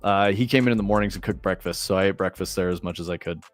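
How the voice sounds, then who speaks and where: A man's voice: low-pitched, fast. A young American man telling rambling, profane stories on a livestream, with lots of likes and fillers. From United States. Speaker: streamer. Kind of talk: casual storytelling on a livestream. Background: faint music.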